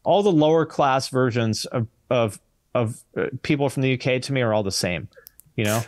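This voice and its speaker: A man's voice: mid-range voice, moderate pace, no room sound, studio quality. A man with an American accent, a podcast guest in casual chat, blunt and swearing freely. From United States.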